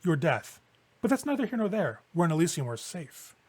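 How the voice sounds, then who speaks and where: A man's voice: on the high side, big pitch swings, brisk, darkish tone. A man voicing a commanding woman vampire elder who talks in a sweetly menacing, condescending way. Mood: sweet menace.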